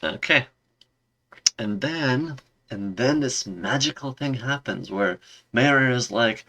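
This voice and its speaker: A man's voice: medium pitch, expressive, slow, bright, forceful tone. A man giving a casual, rambling review in a sarcastic, exasperated tone. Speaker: video reviewer.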